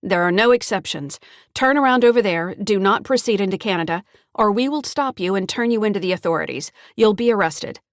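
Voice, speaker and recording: A woman's voice: mid-range voice, animated, brisk, dry recording, lightly acted. A stern, unbending female border guard issues firm, clipped warnings, voiced by a woman reading an audiobook. The recording is dry with no room sound.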